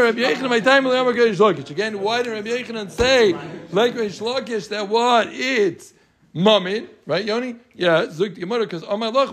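High-voiced man teaching a Talmud class. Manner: explains with Yiddish-inflected Yeshivish terms, quizzes students.

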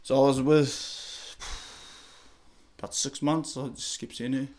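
Young New Zealand man, blunt and slangy, swears freely, speaks low-key and candid. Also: fairly even intonation, unhurried, a little mellow. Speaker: interviewee. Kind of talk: candid personal story, casual chat.

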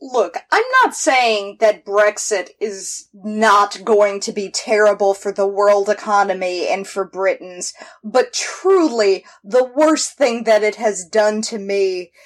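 A woman's voice: mid-range voice, slow pace, few pauses. A woman co-hosting a podcast in casual chat, with dry, exasperated wit. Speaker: podcast co-host.

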